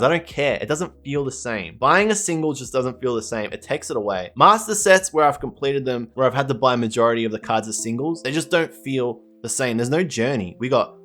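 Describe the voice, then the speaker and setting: Excitable man opening card packs. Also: medium pitch, brisk, hardly any pauses. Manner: gushing, excitable, repeats catchphrases. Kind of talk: pack-opening commentary.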